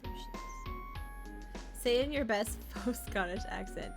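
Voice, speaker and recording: Speaking at a measured pace in a creaky, medium-pitched voice, a young woman chats playfully while streaming a game, talking to chat and her pets. Music plays in the background of this casual commentary.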